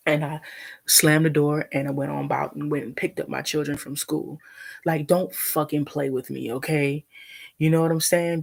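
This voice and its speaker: A woman speaks to her livestream audience in a low, husky voice with plenty of gravel. She talks bluntly and animatedly and swears freely. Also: steady tone, moderate pace, a little mellow. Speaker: live streamer. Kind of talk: venting on a livestream.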